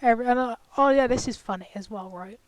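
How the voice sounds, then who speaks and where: A woman's voice: on the high side, fast talker. A woman ranting in an angry, profane, confrontational vlog commentary. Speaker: vlogger. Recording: clicky, glitchy, noisy screen-recorder audio.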